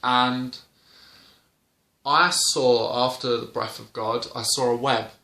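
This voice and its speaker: A young man with a bright, sharp voice tells a casual story straight to camera. He rambles, restarts and leans on fillers as he goes. The room around him sounds noticeably echoey. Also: medium pitch, fairly even intonation, slow. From Britain. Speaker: vlogger. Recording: roomy indoor echo.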